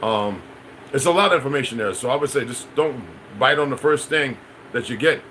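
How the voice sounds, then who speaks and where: A man with a bright, forceful voice hosts a casual livestream. He wanders from point to point, circles back and repeats himself, and keeps calling out to the viewers. There is a faint hum of room noise behind him. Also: medium pitch, a little fast, rough recording. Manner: loose, meandering, repeats phrases, addresses viewers as y'all. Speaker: livestream host. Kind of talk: rambling livestream monologue, answering chat.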